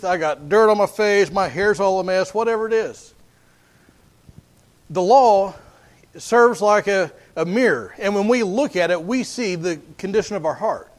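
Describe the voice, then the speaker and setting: High-voiced earnest male preacher. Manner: earnest, repeats words while building points. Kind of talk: sermon.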